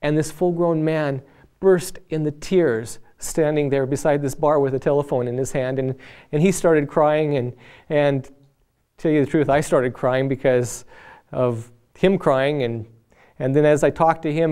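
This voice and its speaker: A man's voice: a little high, mellow, smooth. A man sharing a personal faith testimony from the pulpit. He talks in an earnest, conversational way and slips into the voices of the people he quotes. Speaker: lay preacher.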